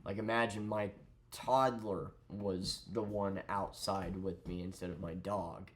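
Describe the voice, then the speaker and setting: A man's voice: low voice, fairly even intonation, a little slow. A young man ranting sarcastically about a neighbor, swearing freely. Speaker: vlogger. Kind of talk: ranting storytime.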